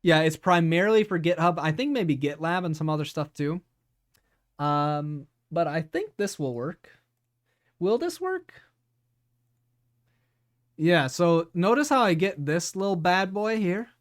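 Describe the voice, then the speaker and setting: A man's voice: a little high, normal speed. A man streaming live, chatting casually with his viewers, laughing often and repeating words as he talks.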